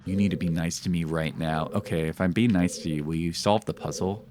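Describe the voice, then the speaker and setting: This streamer has a low voice and talks a little fast over background music. Playing a video game live, he's animated as he addresses his chat and jokes about his own failures.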